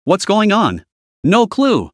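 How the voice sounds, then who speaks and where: A man voicing a mocking young male live-stream viewer in a web novel reading, with a scoffing, drawn-out delivery. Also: high voice, wildly swooping pitch, fairly bright tone, dry recording, studio quality, voice pushed up, exaggerated voice. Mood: baffled.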